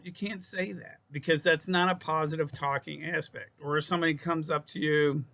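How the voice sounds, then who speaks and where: A man's voice: fairly high pitch, steady tone, fairly quick, gravelly, bright, forceful tone. A man speaking as a psychologist in a casual self-help talk to camera. He rambles, repeats and restarts his phrases, and calls his viewers folks.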